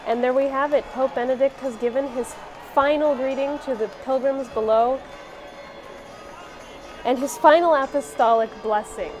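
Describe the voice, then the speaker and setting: A woman's voice: high voice, fairly even intonation, normal speed, music in the background. Woman anchoring live news commentary.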